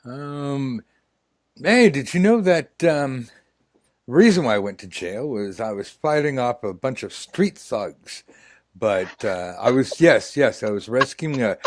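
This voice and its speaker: A man's voice: medium pitch, animated, a little slow. A man hosting a tarot lesson game, chatting in a jokey, rambling way while playing a dating role-play. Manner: jokey, rambling, breaks into laughter.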